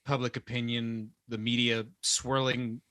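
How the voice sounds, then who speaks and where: A man's voice: mid-range voice, little pitch movement, measured pace, bright, forceful tone, no echo. A man co-hosting a casual movie review podcast, chatty, laughing easily and restarting his sentences. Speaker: podcast co-host.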